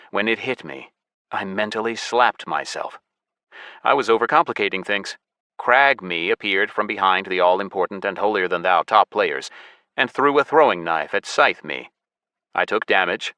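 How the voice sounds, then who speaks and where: Deep, forceful male audiobook narrator. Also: no room sound. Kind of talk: scripted first-person fantasy narration.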